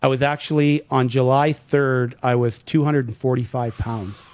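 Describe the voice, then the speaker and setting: A middle-aged man, a former pro hockey player, telling animated stories in an interview and acting out what people said. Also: medium pitch, moderate pace, clean tone, dry recording. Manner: animated anecdotes acting out quoted dialogue. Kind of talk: casual storytelling in an interview.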